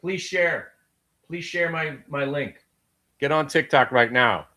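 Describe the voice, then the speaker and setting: A man's voice: on the high side, slow, sharp tone. A middle-aged man with a Brooklyn accent hosting a live day-trading stream, brash, profane and full of joking asides. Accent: Brooklyn New York. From Brooklyn, New York. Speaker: day-trading show host.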